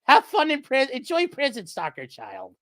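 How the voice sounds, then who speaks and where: A high-pitched, furious man sneers his taunts in a shrill, mocking way, as a commentator puts him on. The voice leaps upward and swings widely. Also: wildly swooping pitch, normal speed, pushed and bright, dry recording, clean studio sound, full character voice.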